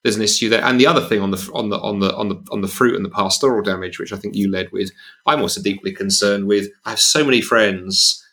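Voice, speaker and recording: A man's voice: lowish voice, steady tone, fast, a bit bright. A man speaking as a podcast guest, earnest and emphatic, often restarting his sentences. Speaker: guest, evangelist. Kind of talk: conversational podcast discussion.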